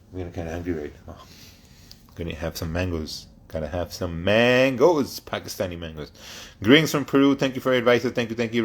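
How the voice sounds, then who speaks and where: A man hosting a trading livestream, reading chat questions aloud and answering them bluntly, with plenty of swearing and laughter. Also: on the low side.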